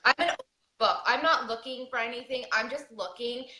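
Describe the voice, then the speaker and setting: A woman with a bright, ringing voice speaks a little higher than most. She talks earnestly and pleads with repeated questions, and her voice carries some room echo. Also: fairly quick. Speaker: podcast guest. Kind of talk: emotional personal storytelling.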